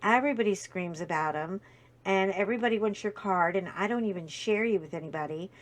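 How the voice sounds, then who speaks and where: A woman acting out an ashamed client, pleading in a hurried rush of apology. It is close to her everyday voice. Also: medium pitch, lightly acted.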